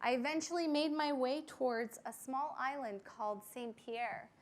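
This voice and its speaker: A young woman pilot telling a flying story to an audience, with frequent fillers and lively quoted voices. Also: high-pitched, moderate pace. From United States. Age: young adult. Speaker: pilot giving a talk.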